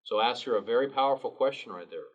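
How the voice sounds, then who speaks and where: A man giving a sales training talk in a calm, low late-night DJ manner. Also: rapid-fire. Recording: distant mic, dull sound.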